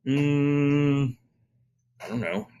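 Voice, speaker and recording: A man's voice: on the high side, extremely slow, mellow, smooth. An American man hosting a podcast in casual, laid-back banter, swearing freely and trailing off with ums. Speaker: podcast host.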